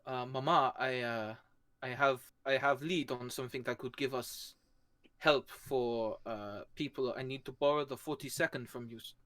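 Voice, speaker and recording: A man playing an earnest young soldier who speaks haltingly and respectfully to his mother. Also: mid-range voice, steady tone, a bit bright, no room sound, natural voice. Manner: halting, respectful, many fillers.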